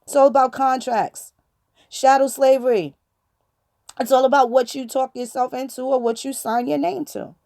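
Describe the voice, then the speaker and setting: A woman's voice: high-pitched, steady tone, moderate pace, vocal fry, warm tone, no echo, clean studio sound. A woman with hosting her channel, talking in a blunt, preachy, casual monologue full of slang and profanity. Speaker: channel host.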